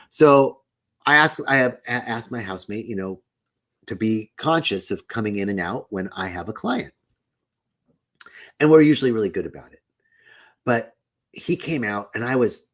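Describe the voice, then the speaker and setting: A middle-aged man hosting a spiritual live stream, chatting casually, greeting viewers by name and telling a candid story. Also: lowish voice.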